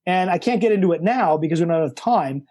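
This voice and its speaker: Male coach guest, middle-aged, emphatic and animated, high pitch with a warm, dark tone. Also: fast. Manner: animated, emphatic, repeats key words. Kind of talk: enthusiastic explanatory conversation.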